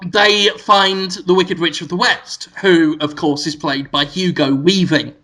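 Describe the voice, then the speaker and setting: A man's voice: high-pitched, fairly even intonation, measured pace, bright, forceful tone. A male podcast host telling a rambling, absurd improvised story with frequent giggles.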